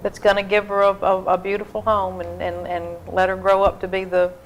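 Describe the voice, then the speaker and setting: A woman's voice: mid-range voice, monotone, a little fast, a little hiss or hum, low-quality recording. A woman, a humane society volunteer, explaining things earnestly in a casual interview. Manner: earnest, explanatory, frequent fillers.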